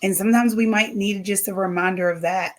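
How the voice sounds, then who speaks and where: Woman, podcast guest, gentle, reflective, measured, faith talk. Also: mid-range voice, steady tone. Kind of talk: reflective faith-based conversation.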